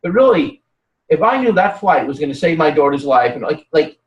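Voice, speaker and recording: Animated rambling man, distant and roomy. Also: fairly high pitch, brisk, dull audio. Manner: rambling, animated storytelling with many restarts. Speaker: guest. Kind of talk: casual conversational chat.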